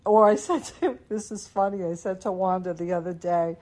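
A woman's voice: lowish voice, moderate pace, darkish tone. A woman hosting a radio show in casual chat, rambling and stopping to correct herself with small chuckles.

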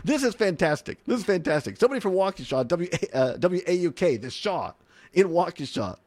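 A man hosting an opinionated talk radio show from a studio, animated and mocking, laughing often. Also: sits high, brisk.

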